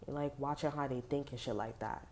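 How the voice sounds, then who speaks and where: A woman's voice: extremely low pitch, steady tone, fairly quick, a little mellow, slight background noise. A woman giving a casual tarot reading to viewers, talking in a rambling, profane, slangy way with many fillers. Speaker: tarot reader.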